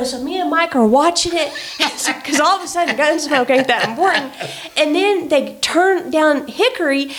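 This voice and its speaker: A woman with a somewhat high voice tells a story in casual chat. She is animated and indignant and uses plenty of fillers as she goes.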